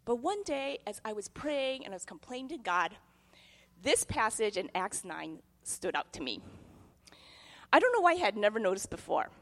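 A middle-aged woman pastor giving a testimony sermon, telling her story in an animated way and acting out the voices in it. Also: medium pitch, normal speed. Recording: long hall reverb.

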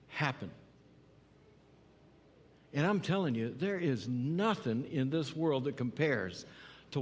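A man delivers a sermon with earnest conviction, his voice a touch higher than most men's. He repeats key phrases and keeps asking his listeners "right?" as he presses each point home. The sound carries a long reverb, as if it fills a large church hall. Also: husky. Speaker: pastor.

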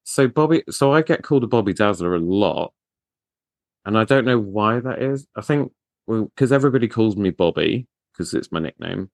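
Guy hosting a podcast, really low voice, chatty and self-mocking, dead dry sound. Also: expressive, gravelly, dry recording. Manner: chatty, self-deprecating, quick asides. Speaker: podcast host. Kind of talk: casual interview chat.

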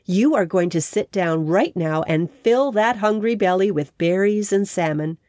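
A woman voicing a gentle, loving mother bear in a storybook, soothing in manner. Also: mid-range voice, expressive, a little slow, dry recording, clean studio sound, close to an everyday voice. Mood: tender. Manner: warm, soothing.

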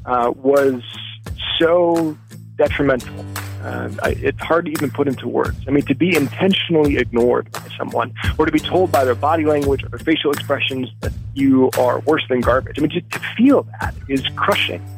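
A man being interviewed, telling his story earnestly and thoughtfully, pausing and restarting as he searches for words. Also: medium pitch, vocal fry, soft background music. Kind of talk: reflective storytelling. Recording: tinny phone line.

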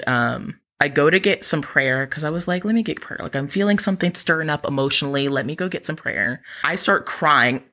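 A woman's voice: very deep voice, sharp tone. A woman chatting casually on a podcast, telling a personal story with lots of fillers and quoted asides.

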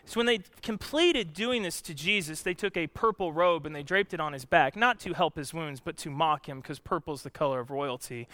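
Guy preaching a sermon, smooth clear voice, dry sound, dramatic storyteller going loud then hushed. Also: fairly high pitch, dry recording. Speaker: pastor.

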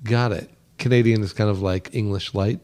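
A man's voice: fairly low pitch, fairly even intonation, moderate pace, darkish tone. A man hosting a podcast, asking questions in a casual, teasing way. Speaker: podcast host. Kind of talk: casual interview chat.

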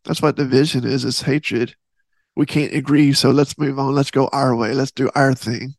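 A man's voice: mid-range voice, fairly even intonation, moderate pace, no room sound. A man hosting a faith podcast, talking earnestly in a rambling, casual way with many restarts. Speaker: podcast host.

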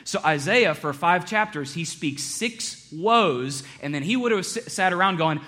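A man preaching a sermon to a congregation, joking one moment and hushed and earnest the next. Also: a little high, normal speed, few pauses. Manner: animated, joking, with big swings between loud and hushed. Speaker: pastor.

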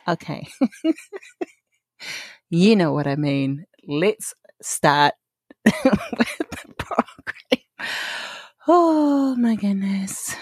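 A woman's voice: fairly low pitch, lively intonation, very slow, long pauses, no room sound. A woman, hosting her own podcast in a chatty, giggly, rambling way. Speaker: podcast host. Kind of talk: casual solo podcast chat.

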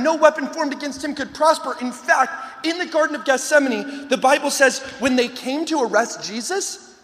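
A man giving an energetic youth camp sermon to a lively crowd, shouting at times and joking between points. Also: very high voice. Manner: animated, shouting to a rowdy crowd, playful asides. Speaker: camp guest speaker. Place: large hall with a live audience. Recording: long hall reverb.

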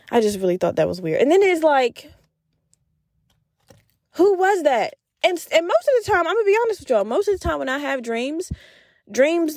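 Animated woman telling a dream story. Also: fairly high pitch, dry recording, studio quality. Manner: animated, acts out quoted voices, laughs often. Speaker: podcast host. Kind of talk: casual storytelling monologue.

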